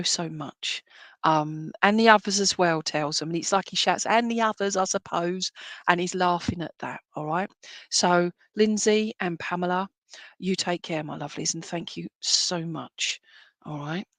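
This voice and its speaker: Reassuring woman, lowish voice. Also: measured pace, fairly bright tone, no room sound. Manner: affectionate, reassuring, frequent "all right?" checks. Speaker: medium giving spirit readings. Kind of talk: live-streamed church service readings.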